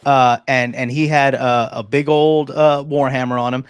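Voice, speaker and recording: A man's voice: medium pitch, little pitch movement, normal speed, clear, resonant tone, no room sound, clean studio sound. A man hosting a casual chat, telling a long story with many restarts and fillers. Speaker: podcast host.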